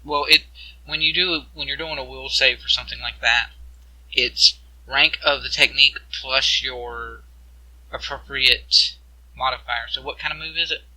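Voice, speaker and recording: A man running a tabletop game as game master, narrating scenes and explaining rules in a halting way over voice chat. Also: medium pitch, fairly even intonation, pushed and bright, rough recording.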